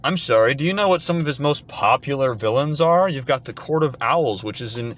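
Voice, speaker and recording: A commentary vlogger delivers an indignant, sarcastic rant. His voice is mid-range and a bit bright, with lively intonation and a fairly quick pace.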